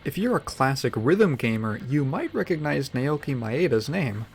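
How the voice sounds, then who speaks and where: A man's voice: medium pitch, big pitch swings, moderate pace, creaky, over music. A man giving scripted video narration with dry, sarcastic commentary.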